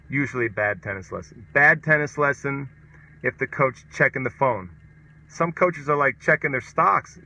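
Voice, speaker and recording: A man's voice: mid-range voice, bright, forceful tone. A man who hosts a tennis coaching show, talking casually and emphatically and reading out viewer comments. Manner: emphatic, repeats a punchy catchphrase. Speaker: tennis coach and podcast host. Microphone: mobile setup. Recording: dull lo-fi mobile stream.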